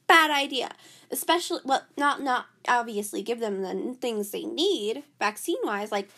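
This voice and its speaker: A woman's voice: high voice, fairly bright tone, husky. A woman hosting her own podcast, talking in a chatty valley-girl way full of "like". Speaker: podcast host. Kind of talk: casual podcast monologue.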